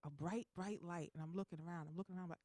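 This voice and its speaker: A woman comedian tells her stand-up bit at a fast, tumbling pace, acting out her own reactions as she goes. Her voice is close and dry on the mic, with no echo. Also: fairly low pitch. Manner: quick, animated storytelling.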